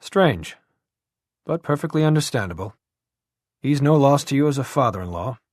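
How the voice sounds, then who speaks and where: A man's voice: mid-range voice, animated, normal speed, darkish tone, no room sound, studio quality, pitched above the performer's own voice, close to an everyday voice. A man voicing a brusque older army colonel who talks in clipped, blunt commands with a dusty, throaty voice.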